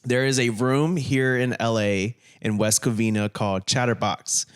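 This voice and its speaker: A young man co-hosting a podcast in an easygoing, joking way. His voice sits at a middle pitch, and he often stumbles and restarts mid-sentence. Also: steady tone, normal speed, smooth. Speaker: podcast co-host. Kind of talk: casual podcast chat. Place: Los Angeles.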